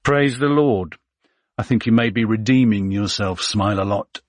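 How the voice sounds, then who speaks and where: A man's voice: on the low side, unhurried, dry recording, close to an everyday voice. A man voicing a vain, scheming male pastor with a smug manner.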